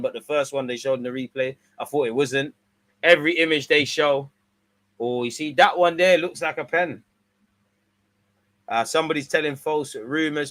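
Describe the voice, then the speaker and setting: A young man giving casual, slangy live football commentary, swinging between excited outbursts and low mutters. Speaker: watch-along streamer.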